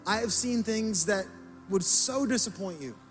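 A male pastor preaching a sermon, passionate and emphatic, rising to loud peaks. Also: high-pitched, lively intonation, unhurried, faint music behind.

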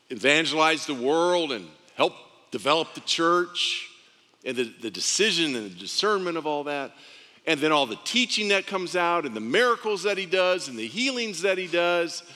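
Bright-voiced preacher in a reverberant hall. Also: male voice, on the high side. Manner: impassioned, swings from exclamations to hushed intensity. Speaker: pastor. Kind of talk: sermon. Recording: long reverb of a large hall.

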